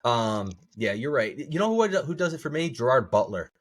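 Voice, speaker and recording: A man's voice: mid-range voice, big pitch swings, normal speed. A man co-hosting a podcast in casual chat, laughing often, stammering and restarting his sentences. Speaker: podcast co-host.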